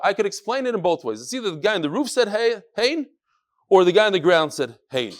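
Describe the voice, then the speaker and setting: Male Talmud teacher, yeshivish English, high voice, acts out the lines as he teaches. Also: rapid-fire. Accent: yeshivish English with Hebrew and Yiddish terms. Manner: animated, acts out dialogue in raised voices. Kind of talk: Daf Yomi Talmud class.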